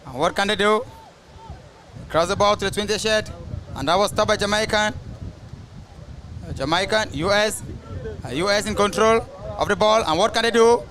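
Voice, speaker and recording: Male match commentator, high and sharp-toned, rambling play-by-play with tangents. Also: normal speed, long pauses, slight background noise. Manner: rambling, drifts into asides about famous players. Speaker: soccer commentator. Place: outdoors at a soccer match.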